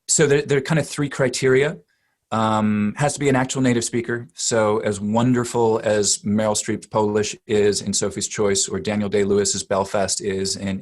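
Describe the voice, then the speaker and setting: A very low-voiced man explaining his craft as a dialect coach. He talks emphatically, doubling and tripling words as he builds long answers. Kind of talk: expert interview answer.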